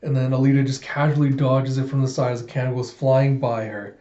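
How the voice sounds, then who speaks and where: A man's voice: medium pitch, little pitch movement, fairly quick, dark tone. A man reading a comic aloud in a casual, chatty way, often laughing. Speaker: comic reader. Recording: echoey room, dull lo-fi sound.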